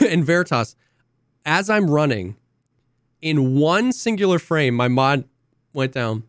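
A man's voice: a little high, slow pace, pauses often, smooth, dry recording, studio quality. A young man co-hosting a podcast, telling a story with lots of acted-out quotes and the odd cough. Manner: animated storyteller, acts out quotes, coughs now and then. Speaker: podcast co-host. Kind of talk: casual chat, storytelling.

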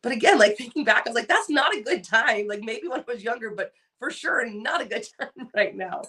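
A woman's voice: on the high side, animated, fairly quick, a bit bright. A middle-aged woman from California co-hosting a podcast, chatting casually and rambling with lots of fillers and restarts. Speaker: podcast co-host. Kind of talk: casual chat.

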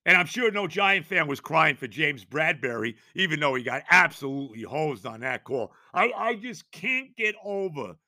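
A sports talk host ranting in exasperation, stumbling over repeated words and breaking into shouts. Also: male voice, fairly high pitch, sing-song, moderate pace, few pauses, dry recording, clean studio sound. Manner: exasperated, ranting, stammering restarts, bursts of shouting.

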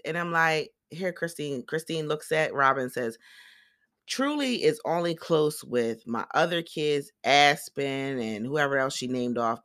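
A podcast host giving a blunt, profane recap monologue and acting out other people's quotes in quick voices. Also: mid-range voice, pushed and bright, no room sound, studio quality. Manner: blunt and sassy, heavy swearing. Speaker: podcast host reviewing a reality show.

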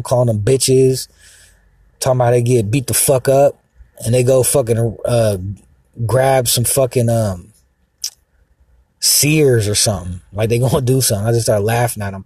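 Profane, agitated husky-voiced man. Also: mid-range voice, normal speed, a little mellow, no room sound. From Mexican heritage. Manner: profane, agitated, rambling with many fillers. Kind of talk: rambling profane monologue. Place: outdoors, sitting in a car.

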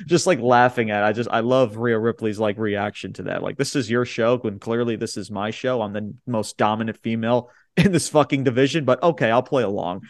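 A man's voice: medium pitch, fairly quick, hardly any pauses, no echo, studio quality. A man co-hosting a podcast, recapping a wrestling show in casual chat, blunt and swearing freely as he quotes the wrestlers. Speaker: podcast co-host.

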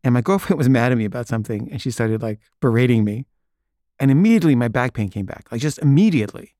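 A man's voice: mid-range voice, lively intonation, fast, mellow, no echo, studio quality. A man casually telling a personal story, chuckling now and then and acting out the dialogue he remembers.

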